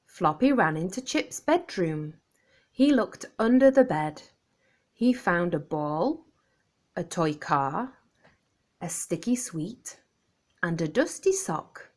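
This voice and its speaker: A woman reading a children's picture book aloud, clear and expressive for young listeners. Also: lowish voice, slow pace. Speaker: storyteller.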